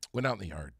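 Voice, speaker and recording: A man hosting a radio show, telling a story in a joking, animated way during casual on-air chat. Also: medium pitch, gravelly, slightly rough, dry recording, studio quality.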